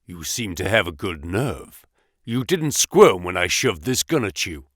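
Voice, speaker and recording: A man reads as a burly gang boss who growls his words low and slow, with a mocking edge. His voice sits deep and heavy, and the recording is close and dry. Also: very animated, a bit bright, no echo, exaggerated voice. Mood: gruff. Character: burly menacing male gang boss, gruff.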